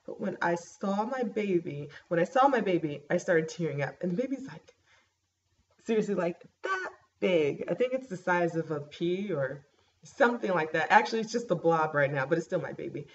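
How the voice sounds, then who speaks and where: A young woman in a casual home vlog, chatting through a pregnancy update with plenty of fillers and lively storytelling. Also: fairly low pitch, normal speed. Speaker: vlogger. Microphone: laptop webcam mic. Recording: dull laptop mic with faint hiss.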